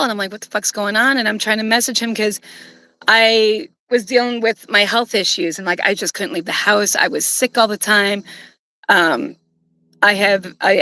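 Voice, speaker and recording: A woman's voice: mid-range voice, pushed and bright, no echo, poor audio. A woman streamer telling a personal story in a casual, rambling way, swearing bluntly.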